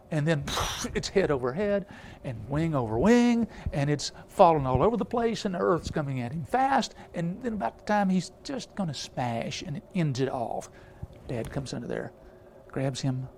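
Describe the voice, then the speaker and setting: A man's voice: a little high, big pitch swings, moderate pace, gravelly, a little mellow, a little hiss or hum. A man preaching a storytelling sermon, rambling with many filler sounds and restarts.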